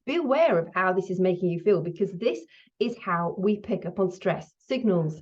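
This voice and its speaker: A middle-aged woman hosting her own menopause video, talking candidly to camera while still shaken, her breathing high. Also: expressive, normal speed, darkish tone. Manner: chatty, candid, laughs now and then. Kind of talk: casual talk to camera. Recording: slightly dull lo-fi sound.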